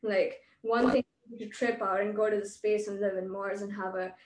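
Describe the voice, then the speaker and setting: A woman's voice: mid-range voice, steady tone, normal speed, a little hiss or hum. A woman hosting a podcast, musing at length in casual conversation with many fillers. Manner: reflective, filler-heavy, speculative. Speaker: podcast host. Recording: roomy, distant mic with faint ambience.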